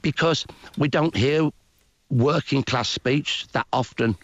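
A man's voice: mid-range voice, takes it slowly, no room sound, muffled recording. A man with a Birmingham accent, a historian guest speaking earnestly in a radio interview. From Birmingham, England.

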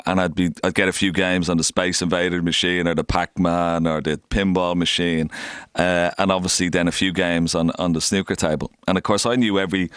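A man's voice: low-pitched, fairly bright tone, clear, resonant tone, dry recording. A man in his forties from Ireland, a studio guest telling a long story in a rambling, chatty way with many restarts. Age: 40s. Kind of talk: casual storytelling chat.

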